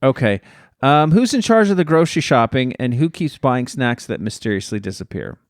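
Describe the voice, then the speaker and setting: A man's voice: mid-range voice, lively intonation, fairly quick, dry recording, studio quality. A man in his thirties with an American accent, co-hosting a casual podcast with his wife, joking and playfully defensive. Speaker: podcast co-host. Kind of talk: casual chat.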